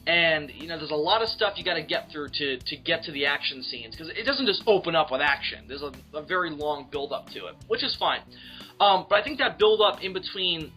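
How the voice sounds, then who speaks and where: A man's voice: a little high, sharp tone. A man co-hosting a casual film discussion, emphatic and opinionated, and he swears freely. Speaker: podcast co-host.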